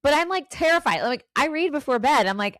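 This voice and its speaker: A woman in her forties co-hosting a casual podcast chat, animated and acting out her own reactions as she talks. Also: high-pitched, fairly quick, dry recording, clean studio sound. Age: 40s. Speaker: podcast co-host.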